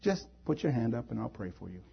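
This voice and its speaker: A man's voice: medium pitch, very animated, quick pace, creaky, breathy edge, highs cut off. A male preacher at a church service, giving an altar call and closing prayer in a pleading, inviting way. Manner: pleading, invites hands raised.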